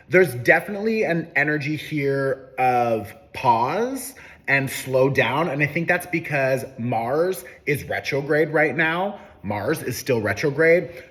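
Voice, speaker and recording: Man, tarot reader, casual and chatty, upbeat, mid-pitched voice. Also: a bit bright.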